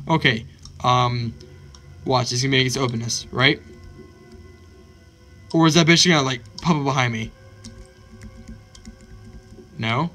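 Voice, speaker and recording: A man hosting a let's play of a horror game, excitable and swearing constantly, yelping at scares. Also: mid-range voice, moderate pace, pauses often, faint music behind. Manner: excitable, swears constantly, yelps when startled. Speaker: gaming channel host.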